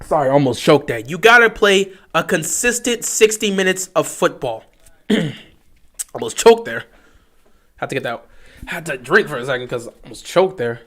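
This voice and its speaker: A man giving excitable fan play-by-play commentary on a livestream, talking straight to his team. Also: a little high, moderate pace.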